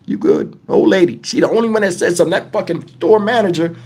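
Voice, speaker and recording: A middle-aged man with a notably high voice hosts a casual livestream, speaking bluntly with plenty of profanity. He sounds shaken and worked up, and he keeps turning to talk straight to his chat. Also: fast talker, darkish tone. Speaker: livestream host.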